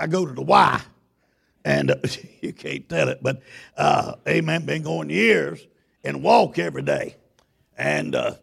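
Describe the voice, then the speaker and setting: A man preaching a sermon in a church. He is a loud, folksy Baptist pastor who tells stories with stammering restarts. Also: on the high side, vocal fry, slightly rough. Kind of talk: sermon with storytelling.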